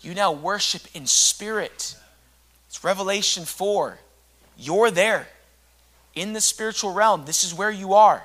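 A man preaching a sermon with passion, swinging from hushed, intimate lines to loud shouting. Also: high-pitched, unhurried.

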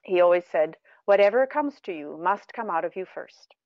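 A woman's voice: lowish voice, moderate pace, dry recording. Earnest middle-aged woman, muffled radio sound. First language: not English. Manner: earnest, animated, laughs at herself. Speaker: guest, meditation teacher. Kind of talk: reflective spiritual conversation.

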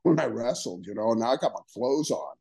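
A man's voice: medium pitch, expressive, fairly quick, creaky, mellow, breathy edge, low-quality recording. An older man, a guest on an interview podcast, telling stories casually and acting out quoted dialogue with frequent laughs. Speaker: guest, retired wrestler.

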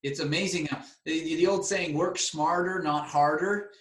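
Energetic man in a roomy space. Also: fairly high pitch, moderate pace. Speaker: seminar host. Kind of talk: enthusiastic promotional chat. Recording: roomy echo.

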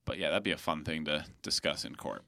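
A man's voice: rumbling low, brisk, gravelly, no room sound, clean studio sound. A man in casual podcast chat, telling a story animatedly and acting out what people said, with some casual swearing. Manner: animated storyteller who acts out quoted lines.

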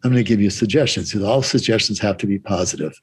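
A man quoting his therapist in a slightly raised voice, calm and matter-of-fact, explaining things. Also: lowish voice, fast talker, husky. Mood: explanatory. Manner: reassuring, explanatory.

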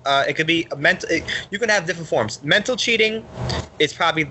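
Man, new york accent, podcast co-host, excitable, bright forceful voice, laughs a lot. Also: on the high side, quick pace, a little hiss or hum. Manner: excitable, laughs often, rambling restarts. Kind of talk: casual podcast banter.

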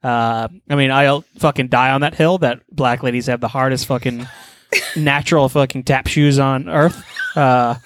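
A man's voice: medium pitch, fairly even intonation, normal speed. A man co-hosting a podcast in casual chat, talking crudely with lots of swearing and laughs. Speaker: podcast co-host.

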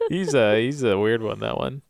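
A man's voice: medium pitch, moderate pace, creaky, no room sound, clean studio sound. A man co-hosting a podcast, recapping TV episodes in casual chat and joking as he slips into character voices. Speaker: podcast co-host.

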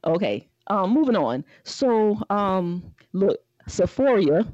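A woman's voice: medium pitch, slow, dry recording. Woman co-host, casual teasing delivery, dry and slightly dull sound. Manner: playful, deadpan teasing. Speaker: podcast co-host. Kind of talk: casual comedic chat.

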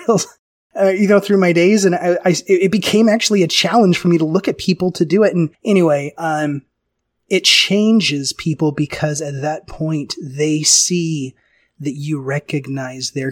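Animated man telling a personal story. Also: on the high side, moderate pace, no echo. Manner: animated, self-interrupting storyteller with frequent restarts and laughs. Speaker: podcast host. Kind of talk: casual conversational storytelling.

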